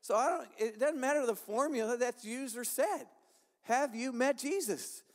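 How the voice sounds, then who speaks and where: Guy pastor preaching, high voice, lots of repeating lines, long echo like a big church. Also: moderate pace. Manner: impassioned, repetitive preaching cadence. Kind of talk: sermon. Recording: long hall reverb.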